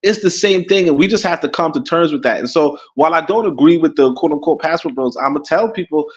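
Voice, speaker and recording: A man's voice: on the high side, lively intonation, fast, highs cut off. A Caribbean-born man co-hosting a casual podcast livestream, rambling, repeating words and chuckling as he talks. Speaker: podcast co-host. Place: abroad in Africa.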